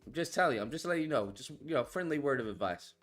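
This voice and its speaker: A man's voice: medium pitch, lively intonation, rapid-fire, fairly bright tone, soft background music. A man hosting a stream, reacting with crude, profane, slang-heavy banter. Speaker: streamer host reacting to videos. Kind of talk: casual reaction commentary.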